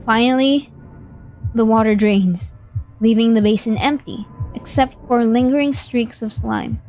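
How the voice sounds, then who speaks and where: A woman's voice: fairly high pitch, a little slow, a little mellow, soft background music, low-quality recording. A young woman streamer reading a horror game aloud in vivid, dramatic narration. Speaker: gaming streamer.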